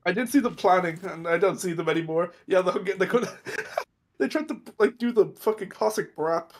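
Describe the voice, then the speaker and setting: A man with a notably high voice, chatting with friends over a game. He giggles often and keeps coming back to a silly running joke. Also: normal speed. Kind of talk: casual gaming chat with friends.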